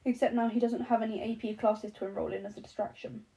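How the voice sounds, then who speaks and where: A woman narrates a novel in a steady storytelling voice. Her tone is mellow and dark-edged, pitched a little high. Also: fast talker, gravelly, rough recording. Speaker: audiobook narrator. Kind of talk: scripted narration.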